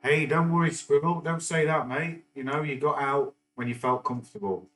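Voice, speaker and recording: A man's voice: on the high side, normal speed, fairly bright tone, low-quality recording. A middle-aged man from England, chatting casually on a live stream and rambling with many fillers and restarts. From northern England. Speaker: stock market livestream host.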